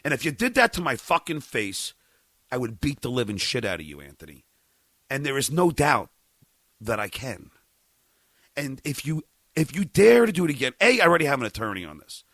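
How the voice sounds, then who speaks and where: A man's voice: mid-range voice, very animated, fairly quick, dry recording. Furious stammering man ranting. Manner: stammering, furious, profane, shouting at times. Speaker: podcast host. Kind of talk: angry on-air rant.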